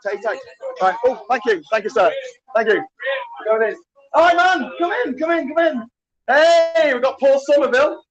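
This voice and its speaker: A man live streaming at a crowded party, cheering, shouting greetings and chatting excitedly, getting hoarse. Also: very high voice, normal speed, dull audio, crowd noise. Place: crowded indoor party venue.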